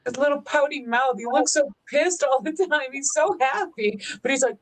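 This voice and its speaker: A woman's voice: high voice, normal speed, rough recording. A woman co-hosting a casual live-stream chat, talking fondly and in baby-talk to her dog between stories. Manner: baby-talks to her dog, chatty and fond. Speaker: co-host.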